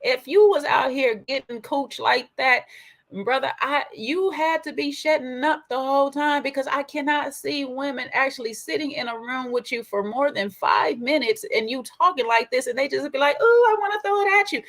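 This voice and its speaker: A woman hosting a casual, sassy commentary on a reality dating show, with a colloquial, animated delivery. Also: high voice, moderate pace. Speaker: commentary host.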